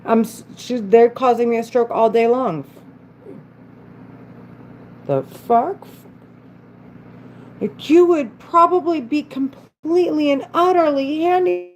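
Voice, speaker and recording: A woman ranting in a long unscripted monologue, her voice sitting a little high. She sounds agitated and rambles, swears often and breaks off mid-sentence, with faint room noise behind her. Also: slow pace, pauses often, poor audio. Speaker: vlogger.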